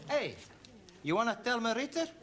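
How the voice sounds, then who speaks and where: A man's voice: very high voice, sing-song, moderate pace, fairly bright tone, heavily acted. An actor playing a cheery adult male student with an Italian accent, who mangles English idioms. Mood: jaunty.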